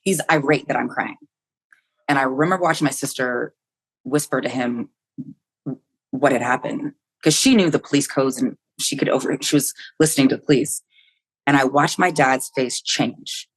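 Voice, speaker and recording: This woman in her fifties, an American appearing as a podcast guest, has an extremely low, slightly rough voice. She recounts a personal story with candor and vivid detail, thinking out loud and cursing freely as she goes.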